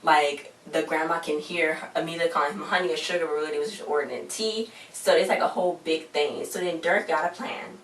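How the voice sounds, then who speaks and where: A woman recaps a TV episode in a casual, rambling way, adding slangy, exasperated asides. Her low voice has fairly even intonation, and she speaks a little fast with few pauses. The recording is distant and roomy, with faint hiss.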